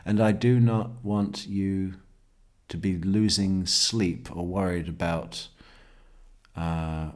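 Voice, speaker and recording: Male true crime commentator, slow and deliberate, low voice, sardonic with lots of laughter. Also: steady tone. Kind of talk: reading testimony aloud with commentary.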